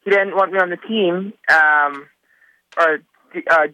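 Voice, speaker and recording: A man's voice: high-pitched, fairly even intonation, unhurried, bright, forceful tone, no echo. A man calling in as a guest, talking in a laid-back, rambling way with lots of fillers. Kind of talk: casual phone-in chat. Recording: muffled phone line.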